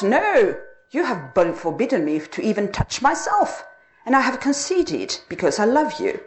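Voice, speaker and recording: A woman's voice: a little high, voice pushed up. A woman reading the lines of a bold, defiant young wife, impassioned and mocking. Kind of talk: storybook reading.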